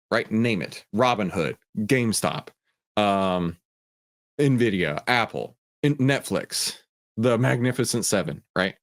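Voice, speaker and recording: Animated low-voiced man explaining markets. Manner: animated storyteller who acts out voices; conversational, frequent "right?". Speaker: host of a stock market education show. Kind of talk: casual explanatory talk.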